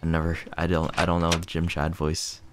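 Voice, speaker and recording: Young male streamer, deeper side, loose and jokey; hams up the game's dialogue. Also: monotone, a little fast, over music. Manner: jokey, reads in-game lines aloud in playful voices. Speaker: streamer playing a horror game. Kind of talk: casual gameplay chat.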